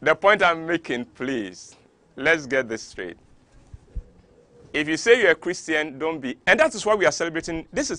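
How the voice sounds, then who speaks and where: A man's voice: high-pitched, sharp tone, no echo. A man from Ghana with a Ghanaian English accent hosting a talk show, delivering an impassioned monologue full of rhetorical questions. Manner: preachy, fires off rhetorical questions; gets worked up.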